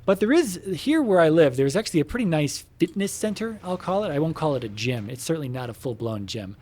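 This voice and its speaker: A man's voice: fairly high pitch, very animated, fast, a little mellow. Rambling man chatting while gaming. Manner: meandering, filler-heavy, swears casually, breaks off to comment on the game. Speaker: gamer talking to viewers while playing. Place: home computer room in an apartment.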